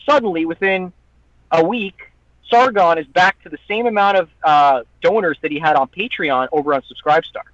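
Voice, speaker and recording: A man's voice: on the high side, normal speed, a bit bright, no echo. A man, a guest who makes online content, chatting on a podcast in a heated, profane, ranting way and mimicking people in mocking voices. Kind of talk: casual podcast chat. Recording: dull lo-fi dry audio.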